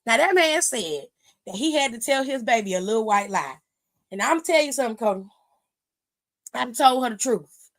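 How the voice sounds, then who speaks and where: A woman hosting a wrestling aftershow, talking in a brash, profane, animated way and acting out the people she talks about. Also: a little high, moderate pace, pauses often. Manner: acts out quoted voices. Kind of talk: casual commentary monologue.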